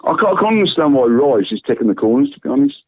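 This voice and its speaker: A man's voice: mid-range voice, sing-song, very fast, crowd noise. A man calling into a live phone-in, chatting bluntly and swearing about football, laughing often. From English Midlands. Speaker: phone-in caller. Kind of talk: casual football chat. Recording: tinny phone line.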